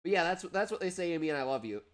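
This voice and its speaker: Animated man streaming a mobile game. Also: fairly high pitch, racing. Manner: excitable, animated and chatty, often breaking into laughter. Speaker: streamer and host. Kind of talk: live gameplay commentary reading chat.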